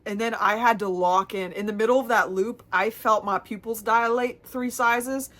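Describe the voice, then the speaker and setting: A woman's voice: a little high, fairly even intonation, normal speed, fairly bright tone. A woman vlogger tells stories from her year in a casual, comic way. She talks chattily and pokes fun at herself. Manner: chatty, comic, self-mocking. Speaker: vlogger and theater producer. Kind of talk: casual storytelling vlog.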